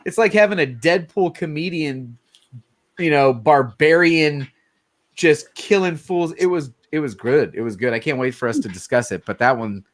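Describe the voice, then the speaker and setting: Hosting a late-night livestream, a forties-aged man talks casually at a normal speed, laughs a lot, and swears freely. His voice is fairly high pitched.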